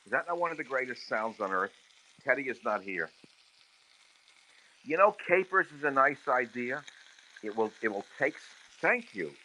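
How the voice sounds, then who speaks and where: A man's voice: mid-range voice, sing-song, moderate pace, pauses often, pushed and bright, slight background noise, rough recording. A man talking casually while cooking on a livestream from his home kitchen. He speaks into a handheld phone and slides into crude, heated rants. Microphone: handheld phone camera. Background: sizzling frying pan.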